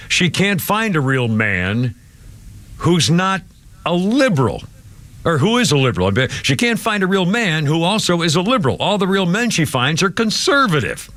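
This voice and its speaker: A man's voice: fairly high pitch, fairly bright tone, dry recording. A man in his seventies hosting a live radio talk show, rambling with restarts and chuckles. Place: radio studio. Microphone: studio microphone.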